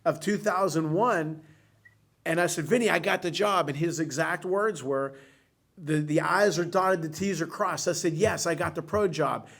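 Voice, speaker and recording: A male co-host tells a long story with a lot of feeling, rambling from one detail to the next. His voice is a little higher than most men's. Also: moderate pace, gravelly, a bit bright. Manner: rambling, heartfelt. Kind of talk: emotional storytelling.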